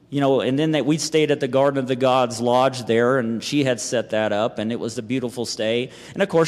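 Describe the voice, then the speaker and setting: A man giving a eulogy at a memorial service, halting and emotional, with restarts and soft laughter. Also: mid-range voice. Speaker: family member giving a eulogy. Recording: reverberant hall.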